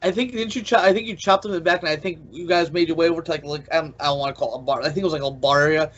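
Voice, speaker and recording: A man's voice: on the high side, rapid-fire, a bit bright, slight background noise. A man hosting a podcast interview, eager and full of fillers, laughing along as he recalls stories. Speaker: podcast host. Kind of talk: casual interview chat. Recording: dull lo-fi podcast audio.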